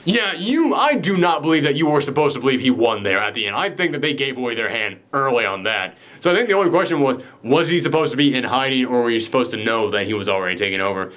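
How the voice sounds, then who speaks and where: A man's voice: medium pitch, animated, fast talker, few pauses, a bit bright. Casual man retelling a film's ending. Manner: loose, profane, acts out quotes. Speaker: film reviewer. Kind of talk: casual spoiler chat.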